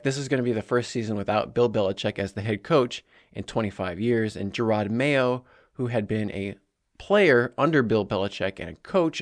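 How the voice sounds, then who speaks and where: A man hosting a sports podcast, talking through a game in a casual, animated way with asides. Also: medium pitch. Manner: conversational, animated, with asides and small laughs. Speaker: podcast host.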